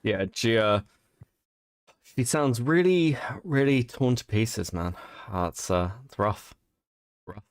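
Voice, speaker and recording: A man's voice: medium pitch, expressive, slow pace, long pauses, clean tone, no echo, clean studio sound. A tired man hosting a stream, swearing freely and laughing as he reacts to a clip. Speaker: stream host. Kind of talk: casual reaction commentary.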